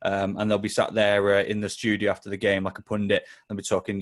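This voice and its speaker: A man's voice: lowish voice, completely flat delivery, brisk, few pauses. A man with a Mancunian accent co-hosting a casual football podcast, swearing freely and telling jokes. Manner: sweary, jokey storyteller. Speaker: podcast co-host.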